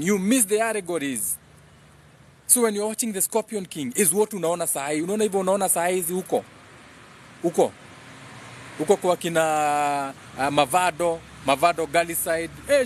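A man's voice: sits high, a little hiss or hum. A man hosting a live stream, preaching in a rambling monologue that hops between English and Swahili and reads out viewer comments. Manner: repeats phrases in chant-like bursts.

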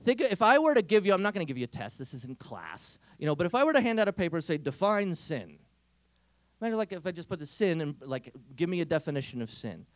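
A man giving a talk to teenagers, an animated storyteller who acts out the people he quotes, chatty with many restarts. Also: high-pitched, dry recording. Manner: conversational, with frequent fillers and restarts. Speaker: speaker at a youth event.

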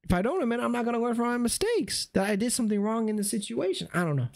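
A man's voice: very high voice, animated, very fast, gravelly. A man chatting casually on a live stream, slangy and repetitive, saying he is losing his voice. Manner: slangy, repeats "you see what I'm saying".

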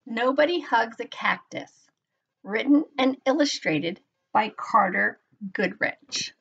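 A woman, a school librarian, reading a picture book aloud in a slow, clear storytelling manner. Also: a little high, expressive, a bit bright, faint music behind. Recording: dull lo-fi recording.

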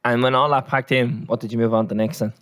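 An Irish man co-hosting a casual podcast, talking fast in short, chatty bursts. His pitch sits in the middle range. The sound is close and dry. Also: fairly even intonation, a bit bright, no room sound. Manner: quick, chatty interjections. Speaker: podcast co-host. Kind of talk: casual chat.

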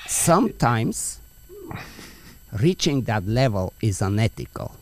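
A man's voice: on the low side, sing-song, slow pace. A man hosting a podcast interview, earnest and explaining his points with everyday analogies. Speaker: podcast host, dog trainer. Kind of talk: conversational interview.

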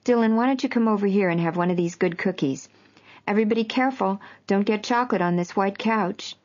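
A woman's voice: mid-range voice, brisk, darkish tone, voice pushed up, close to an everyday voice. A woman voicing an elderly, fretful mother who talks regretfully about being too strict, in a worried, scolding way. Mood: fussing. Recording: dull lo-fi audio.

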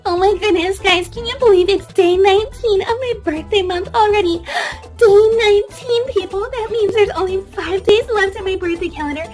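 A very high, bubbly young woman doll chatters about her gifts and squeals with delight, voiced by a woman. She is bossy and self-absorbed, and faint music plays behind her. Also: moderate pace, darkish tone.

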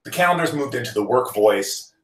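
A man co-hosting a casual chat, firing off playful, quick questions. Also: medium pitch, animated, a bit bright, echoey room, rough recording. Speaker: podcast co-host. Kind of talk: casual group chat over video call.

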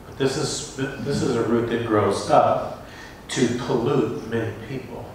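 A male pastor delivers a sermon in a middle-pitched voice, his reading of scripture swelling into dramatic rises. He is picked up from a distance, so his words bounce around a very echoey church sanctuary. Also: fairly even intonation, a little slow, a little hiss or hum. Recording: echoey church hall from far off.

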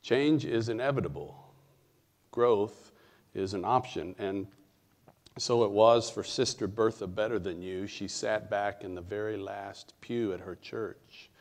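Low-voiced male pastor telling stories. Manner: storytelling, conversational with fillers and dramatic pauses. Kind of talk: sermon.

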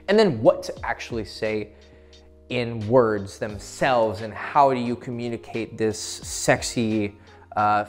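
Laid-back profane man coaching. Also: lowish voice. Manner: profane, laughing often mid-sentence. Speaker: dating coach. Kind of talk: casual instructional talk to camera.

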